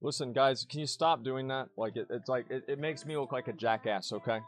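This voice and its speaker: A man's voice: medium pitch, a little fast. A man streaming, arguing his side in a heated casual debate and pressing his points with repeated words.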